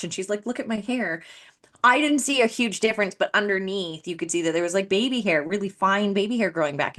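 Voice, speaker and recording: A woman who works as an addictions coach, telling a client story in casual podcast talk and acting out the dialogue with lively energy. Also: mid-range voice. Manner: animated, acts out quoted dialogue.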